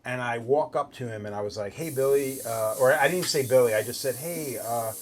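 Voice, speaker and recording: Profane, animated middle-aged man. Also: mid-range voice, fast, a little hiss or hum, poor audio. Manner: profane, animated storyteller acting out quoted lines. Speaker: host, tattoo artist. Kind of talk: casual chat, telling stories.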